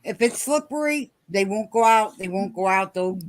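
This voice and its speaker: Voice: mid-range voice, expressive, normal speed. A person chatting casually on a live stream, laid-back with brief comments. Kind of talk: casual chat.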